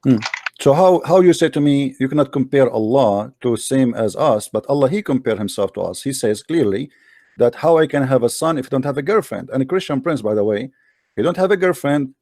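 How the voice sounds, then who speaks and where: A man's voice: medium pitch, lively intonation, fairly quick, mellow, no echo. Argumentative man, dry close sound. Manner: argumentative, mocking, challenging. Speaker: host. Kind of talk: debate on a live call-in stream.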